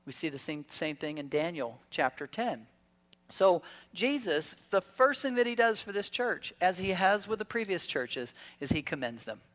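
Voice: mid-range voice, big pitch swings, moderate pace, a bit bright. A pastor giving a church sermon in a conversational way, asking the congregation rhetorical questions and adding humorous asides. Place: church service.

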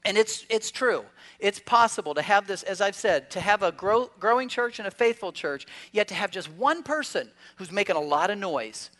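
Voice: medium pitch, animated, normal speed, hardly any pauses, fairly bright tone. Pastor preaching in a conversational way. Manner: conversational preaching with rhetorical questions and humorous asides. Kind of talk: sermon. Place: church service.

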